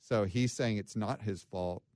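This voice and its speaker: A man hosting a casual podcast chat, recounting a true crime case with many pauses and restarts. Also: lowish voice, darkish tone, dry recording, studio quality. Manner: hesitant, many fillers and restarts. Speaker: podcast host.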